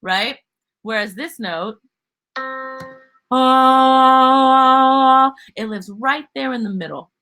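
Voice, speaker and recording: A woman leads a live online singing lesson in a bright, clear voice. She keeps things upbeat, laughs often and breaks into sung demonstration notes as she explains. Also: medium pitch, lively intonation, normal speed, soft background music. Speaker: singing teacher.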